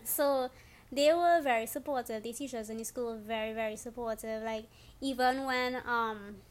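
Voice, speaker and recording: Young trini woman chatting, highish voice, acts out quotes, gets squealy when excited. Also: moderate pace. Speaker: guest. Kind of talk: casual storytelling chat.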